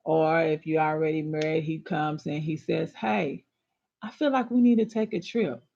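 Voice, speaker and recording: A woman's voice: sits low, fairly even intonation, moderate pace, gravelly, dark tone. A woman giving casual relationship advice to women, sassy, emphatic and colloquial, scolding her listeners. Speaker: relationship and astrology advice host. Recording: dull lo-fi recording.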